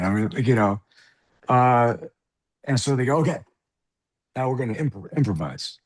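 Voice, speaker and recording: A middle-aged man from the South Bronx, guesting on an interview, tells a story with swearing and acted-out voices. His voice is husky, and his pitch sits in the middle. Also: normal speed, long pauses. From South Bronx, New York. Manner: animated, profane, acts out voices in anecdotes. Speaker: guest actor.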